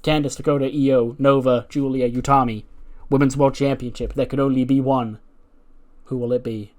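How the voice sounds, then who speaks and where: A man's voice: medium pitch, level tone, normal speed, a little mellow. A man talks through a wrestling management game in casual commentary. His delivery is loose and rambling, full of fillers, with plenty of swearing along the way. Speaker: gaming video creator.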